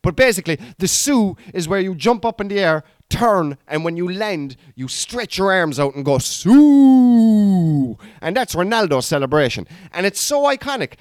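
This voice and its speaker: An Irish man in his thirties, working through a comedy bit in a loose, rambling way, swearing freely and tripping over his own restarts. His voice sits a little high for a man. He sounds close and dry, with no room echo at all. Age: 30s. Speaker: comedian podcast host. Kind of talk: casual comedic monologue.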